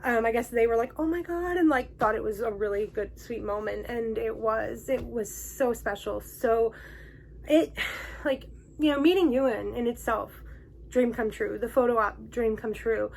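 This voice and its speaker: A woman's voice: on the high side, steady tone, normal speed, gravelly, slight background noise. A young adult woman telling a personal story to the camera in a casual, gushing way, emotional and full of fillers and restarts. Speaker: vlog host.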